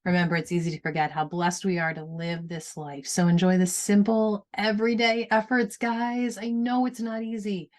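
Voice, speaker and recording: A woman's voice: medium pitch, fairly even intonation, moderate pace, few pauses. A woman with a Northern American accent hosting a podcast, encouraging and affirming in casual chat. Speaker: podcast host.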